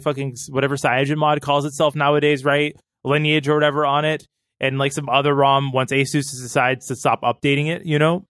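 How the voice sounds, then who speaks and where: A man chatting as co-host of a casual tech podcast, animated and slangy with the odd curse. His voice sits fairly high. The recording is close and dry. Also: no room sound.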